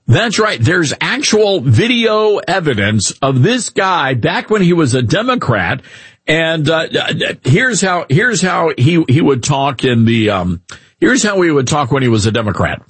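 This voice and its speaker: A Southern-accented man hosting talk radio, with a lively, swooping delivery and a slightly husky edge. He talks in a casual, mocking way, with a dry, close studio sound. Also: a little high, a little slow, no room sound. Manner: animated, mocking, puts on exaggerated drawls. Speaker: radio talk show host.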